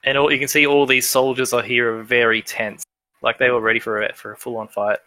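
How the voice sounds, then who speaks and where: Bright-voiced man running a tabletop game. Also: mid-range voice, flat delivery, fairly quick, no echo. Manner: hesitant, many fillers and restarts. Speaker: game master.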